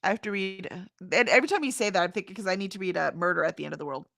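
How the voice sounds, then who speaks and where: A woman's voice: on the low side, very fast, vocal fry, a bit bright, dry recording, clean studio sound. A woman hosting a writing-sprint livestream, chatting casually and reading viewer comments aloud. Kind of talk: casual chat.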